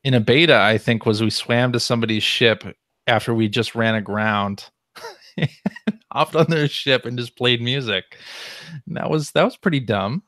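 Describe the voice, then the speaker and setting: A man in his forties hosting a podcast, relaxed and chatty as he reads listener questions aloud. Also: medium pitch, normal speed, no echo, clean studio sound. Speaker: podcast host. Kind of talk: casual podcast chat.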